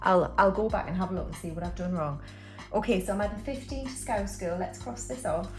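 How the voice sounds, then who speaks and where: A woman's voice: mid-range voice, brisk, soft background music. A woman from the UK hosting a casual budgeting vlog, chatting and counting banknotes aloud while laughing at her own slips. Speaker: budgeting channel host. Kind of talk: casual cash-stuffing vlog.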